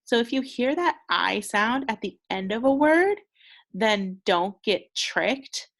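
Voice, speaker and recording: Young female teacher for a kids' phonics lesson: slow, gravelly, patiently encouraging. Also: on the high side, animated, a bit bright. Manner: patient, encouraging, carefully sounding out words. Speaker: second grade teacher. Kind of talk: recorded phonics lesson for children.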